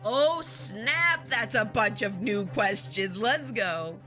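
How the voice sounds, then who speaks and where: A woman's voice: medium pitch, animated, takes it slowly, hardly any pauses, over music. A woman streamer giving playful, chatty live commentary while playing a game.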